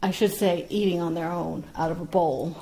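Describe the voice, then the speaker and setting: A woman parrot breeder talking casually about her baby birds and gently coaxing them with sing-song encouragement. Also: on the low side, fairly even intonation. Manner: slow, gentle, coaxing, with frequent laughs. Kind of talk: casual vlog narration and baby-talk to birds.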